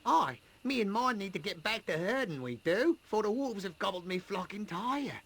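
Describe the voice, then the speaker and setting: A man's voice: high voice, expressive, normal speed, a bit bright, husky, pitched above the performer's own voice, full character voice. A man putting on a rustic dialect as a grumbling village shepherd.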